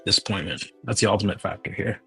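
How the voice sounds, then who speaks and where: A man's voice: lowish voice, fast talker, vocal fry, sharp tone, slightly rough, soft background music. A man hosting a casual chat, rambling and joking through tangents.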